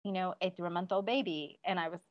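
A woman's voice: lowish voice, steady tone, a little fast. A woman guest in a casual interview, giving practical advice with many "um"s and "you know"s. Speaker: parenting guest. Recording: dull lo-fi recording.

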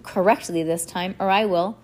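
A woman's voice: on the low side, steady tone, normal speed, a little mellow, natural voice. A woman voicing a scheming, greedy male villain in a read-aloud storybook, speaking in a menacing, hissing way.

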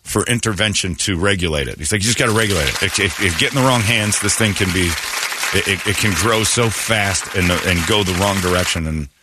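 A man hosting a morning radio show, telling stories in casual banter and slipping into quick impressions. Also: low voice, a loud crowd, very noisy. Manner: storytelling, animated, slips into impressions.

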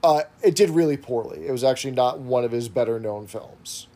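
Man, podcast co-host, mellow tone, steady explanatory recap, casual chat. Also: medium pitch, brisk.

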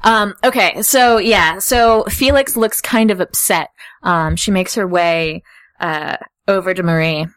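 A woman's voice: mid-range voice, unhurried, a bit bright. A woman playing in a tabletop role-play game, speaking in a casual, hesitant way. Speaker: player.

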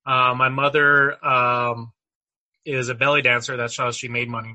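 A man chatting as a podcast guest in a loose, rambling way, full of fillers. His voice is very bright and forward, at a middle pitch. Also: moderate pace, rough recording. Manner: relaxed, rambling with many fillers. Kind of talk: casual interview chat.

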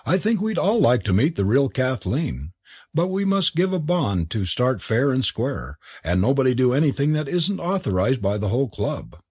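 A man's voice: mid-range voice, very animated, moderate pace, a little mellow, husky, no room sound, studio quality. A man reading a story, voicing a mild, pipe-smoking young man who leads a student club in a pompous, mock-legal style. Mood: mock-solemn.

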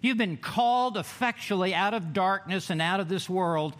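A man preaching a sermon in a church, emphatic, with dramatic pauses and drawn-out words. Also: high-pitched, a bit bright. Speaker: pastor.

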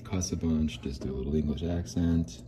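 Deep-voiced man rambling on his podcast. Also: steady tone, normal speed, dark tone, slight background noise, rough recording. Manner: rambling, jokey, self-deprecating. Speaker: podcast host. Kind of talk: rambling solo podcast talk.

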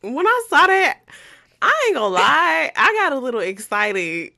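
A woman's voice: sits high, sing-song, a little slow, creaky, bright, forceful tone, dry recording, studio quality. A woman in her twenties co-hosting a casual chat podcast, slangy and laughing often. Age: 20s. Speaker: podcast co-host.

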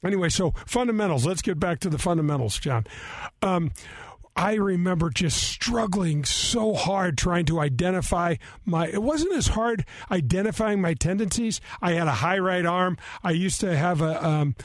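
A man in his fifties rambles through a funny, self-mocking anecdote, full of restarts and "uh"s. His voice sits a bit high, recorded close and dry with no room sound. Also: lively intonation, normal speed, dry recording. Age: 50s. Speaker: co-host, former golfer. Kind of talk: casual storytelling chat.

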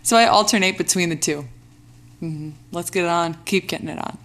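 A woman's voice: fairly low pitch, a crowd in the background. A woman, a recording artist, chatting casually and animatedly as a podcast guest. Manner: lively, animated, quick to laugh. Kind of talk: casual chat.

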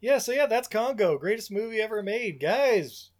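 A man on a podcast retelling a film plot in an animated way, acting out lines as he goes. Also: high-pitched, normal speed. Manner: animated storyteller, acts out quotes. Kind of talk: casual chat.

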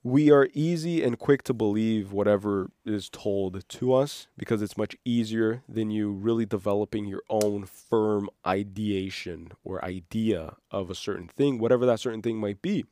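A man hosting an unscripted solo podcast, rambling and excitable, sometimes losing his train of thought. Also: fairly low pitch, a little slow, no room sound, clean studio sound. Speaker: podcast host.

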